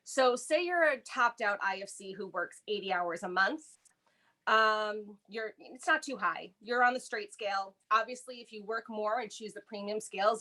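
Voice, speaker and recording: A woman's voice: medium pitch, sharp tone. A woman on a union negotiating team, methodically walking listeners through pay figures step by step. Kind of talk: explanatory walkthrough of contract math.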